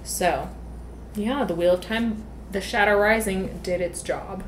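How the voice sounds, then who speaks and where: A woman's voice: medium pitch, measured pace. A young adult woman co-hosting a podcast in casual banter, loose and profane and laughing often, talking over a video call from a room at home. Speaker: podcast co-host. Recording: echoey room, noisy background.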